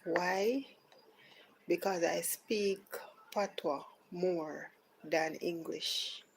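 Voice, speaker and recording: A Jamaican woman hosting a live podcast, chatting casually and slipping into soft, near-whispered phrases. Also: on the low side, very slow, vocal fry, slight background noise, low-quality recording. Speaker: podcast host.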